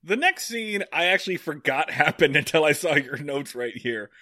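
Bright-voiced wry man recapping an episode. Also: fairly high pitch, normal speed, no room sound, clean studio sound. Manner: wry, deadpan, profane humor. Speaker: podcast co-host. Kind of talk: casual episode recap chat.

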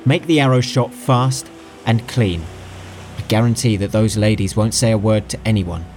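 A man voicing a scheming young prince in an audiobook, quick, mocking and commanding. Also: lowish voice, a little mellow, faint music behind, voice pushed up, close to an everyday voice. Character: scheming young male prince, cocky and cruel. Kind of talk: audiobook character voice.

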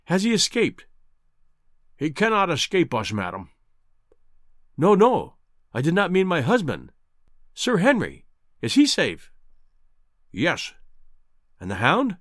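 A man's voice: a little high, wildly swooping pitch, takes it slowly, long pauses, a bit bright, no room sound, clean studio sound, heavily acted. A man doing an impassioned distraught wife. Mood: anxious. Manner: emotional, pleading, impassioned. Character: distraught, fierce young married woman. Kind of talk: audiobook character voice.

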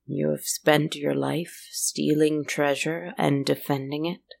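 A woman voicing a greedy pirate captain who speaks in a soft, awed, measured way. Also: deep voice, flat delivery, creaky, full character voice. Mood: awed, wondering.

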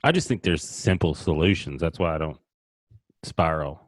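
A man's voice: very deep voice, moderate pace, no echo. A man in his thirties on a podcast, rambling in crude, casual chat and acting out quotes in a raised voice. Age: 30s. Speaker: podcast co-host.

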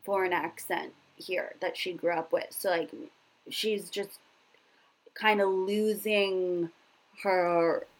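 A woman's voice: fairly low pitch, steady tone, slow pace, rough recording. A woman playing a frazzled, overbusy mother of sick kids in an improv comedy scene, defensive and talking over others. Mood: worried.

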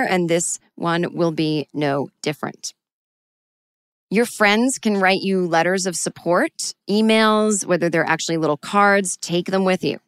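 A woman's voice: fairly low pitch, smooth, no echo. A woman talking alone into a microphone, giving candid, self-deprecating advice in a chatty, casual way. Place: alone, recording at home.

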